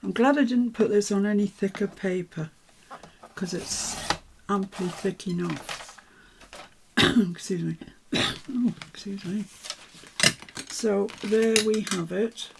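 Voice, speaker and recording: Woman, lowish gravelly voice, unhurried crafting talk, clicking tools and noise behind. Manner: chatty, self-talking while working, soft asides. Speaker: papercraft vlogger. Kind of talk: casual crafting commentary.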